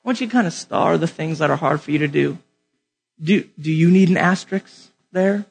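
A man's voice: a little high, fairly quick, creaky, breathy edge. A man preaching a sermon in a casual, joking way, talking straight to his listeners.

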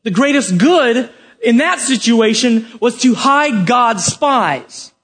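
A man preaching a sermon to a live congregation, swinging from loud emphatic questions to quiet explanation. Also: very high-pitched, expressive, slow pace, breathy edge. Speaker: pastor.

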